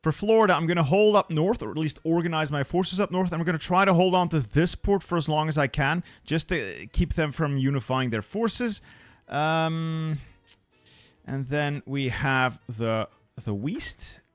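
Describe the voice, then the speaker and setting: Soft background music plays as a man with a voice on the high side talks at normal speed, with no echo. The gaming channel host chats casually about his strategy game, responding to viewers and muttering repeated words while planning.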